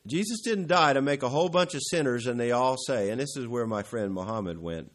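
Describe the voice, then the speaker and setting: A man's voice: expressive, fairly quick. Man preaching, swelling and falling. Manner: rises to emphatic peaks then drops low and quiet; clears throat now and then, self-corrects. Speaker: pastor. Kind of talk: sermon.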